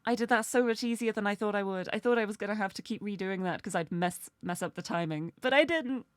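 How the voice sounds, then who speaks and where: A woman's voice: mid-range voice, fast, dry recording, studio quality. A bubbly, giggly woman chatting casually while she plays a video game live. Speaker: streamer.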